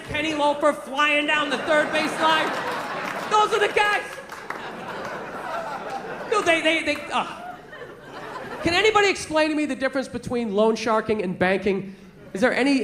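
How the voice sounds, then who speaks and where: A man's voice: very high voice, a bit bright. A man doing a stand-up comedy set, ranting in a profane, exasperated way. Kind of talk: stand-up rant. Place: comedy club stage. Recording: echoey club with crowd and noise.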